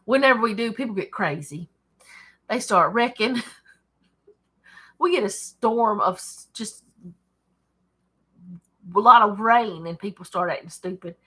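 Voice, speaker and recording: A woman from Alabama with a Southern US accent hosts a Bible study from her desk at home, reading scripture and chatting about it casually, often digressing and laughing. Her mid-range voice is a bit bright and slightly rough, at a measured pace with long pauses.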